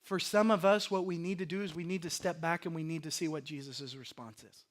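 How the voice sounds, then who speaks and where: A male pastor preaching a sermon to a congregation, animated, acting out panicked inner voices and swinging between loud emphasis and soft lows. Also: a little fast. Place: church sanctuary.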